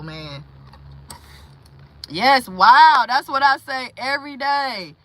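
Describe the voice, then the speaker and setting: A woman hosting a livestream, venting bluntly with swearing, shifting between heated outbursts and quiet moments and greeting viewers in the chat. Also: high-pitched, sing-song, takes it slowly, pauses often, low-quality recording. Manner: blunt and profane, swings from heated to hushed. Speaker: livestream host.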